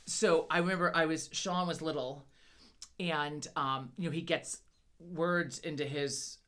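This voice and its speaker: Low-voiced woman telling a rambling story. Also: steady tone, unhurried, fairly bright tone. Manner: rambling, profane storyteller who coughs and clears her throat. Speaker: podcast co-host. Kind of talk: casual chat.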